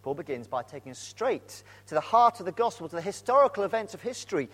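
A man preaching a sermon, earnest and animated, dropping to a hush at moments. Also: sits high, quick pace. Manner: earnest, animated storytelling with sudden drops to a hush. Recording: long hall reverb.

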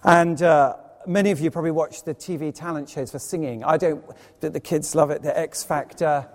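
A man preaching an evening sermon as a lay speaker, earnest and anecdotal with quick asides. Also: a little high, steady tone, darkish tone, long reverb tail. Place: church, evening service.

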